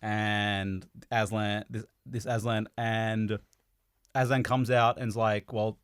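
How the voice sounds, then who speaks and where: A man's voice: on the low side, little pitch movement, slow pace, clean tone, no echo, clean studio sound. A man on a casual podcast, retelling a story in a rambling way, swearing and laughing as he goes.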